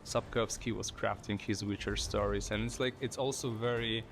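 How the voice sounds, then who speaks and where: A man's voice: lowish voice, fairly even intonation, normal speed, gravelly, a little hiss or hum. A man from Eastern Europe reflecting thoughtfully in a behind-the-scenes interview.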